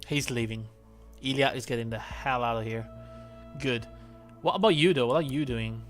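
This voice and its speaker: A man's voice: mid-range voice, normal speed, faint music behind. A man streaming a game, chatting casually, thinking aloud and swearing now and then. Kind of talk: casual gameplay commentary.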